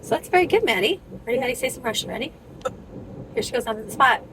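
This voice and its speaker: A woman vlogging about her family in a casual chat, chatty and quick to laugh. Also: fairly high pitch, lively intonation, a bit bright, slight background noise, poor audio. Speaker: vlogger, homeschooling mom. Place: home, then a car. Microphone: camera set on the dashboard.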